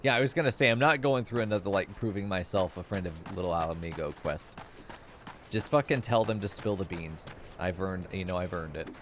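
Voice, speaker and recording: A man's voice: low voice, fairly quick, fairly bright tone, slight background noise. A man streaming a game, joking crudely and laughing often in casual commentary.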